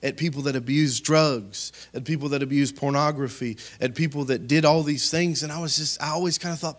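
Animated preacher man, slightly high voice. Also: brisk, hardly any pauses. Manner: animated preaching, swinging from loud emphatic peaks to quiet asides; conversational, addresses the congregation directly. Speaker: pastor. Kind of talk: sermon.

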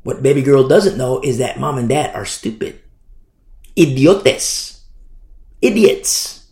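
Fiery preacher guy, gravelly, kinda high voice, echoey room. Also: animated, slow, warm tone. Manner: fiery, scornful, emphatic. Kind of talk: sermon.

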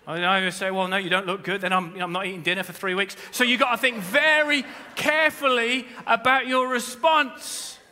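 Pastor guy preaching, super bright voice, jokey asides, church hall echo. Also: high-pitched, moderate pace, hardly any pauses. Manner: animated preaching, swings from quiet to shouting; humorous asides. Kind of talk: sermon. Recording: long reverb of a church hall.

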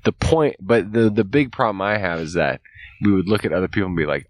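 A man's voice: low-pitched, fairly quick, no room sound. A young man co-hosting a podcast, talking casually, swearing a lot and laughing often. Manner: profane, animated, laughs often. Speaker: podcast co-host.

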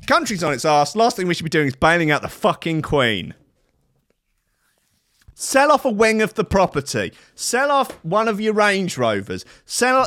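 A speaker with a British accent delivers a crude, mocking comedic rant full of swearing, animated with funny voices and outbursts. The voice is medium in pitch, with clean studio sound and no echo.

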